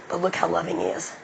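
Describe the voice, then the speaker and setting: A woman's voice: on the low side, gravelly, noisy background. A woman preaching with fiery, profane emphasis, then praying aloud. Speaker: online preacher. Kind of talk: impassioned preaching and prayer.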